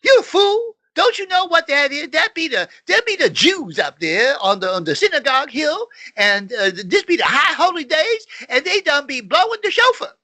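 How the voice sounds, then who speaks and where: Man putting on an excited wanderer voice, high, loud, dry. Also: normal speed, hardly any pauses, no echo, heavily acted. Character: excited male wanderer, loudly explaining.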